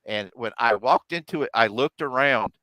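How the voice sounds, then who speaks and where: A middle-aged male host tells a long personal story in a casual chat, full of animated energy and acting out what others said. His average-pitched voice has a bright, forceful edge and a moderate pace. The low-quality recording is dry and close to the mic.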